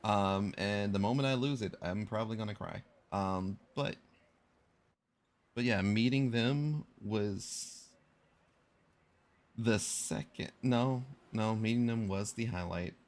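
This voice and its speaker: A man's voice: on the low side, slow. A young man chatting casually on a live stream, rambling and correcting himself as he tells a story in slangy talk.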